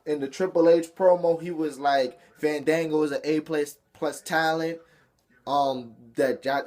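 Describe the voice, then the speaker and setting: A young man reviewing a wrestling show in a casual, excitable, profane rant that rambles. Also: fairly high pitch.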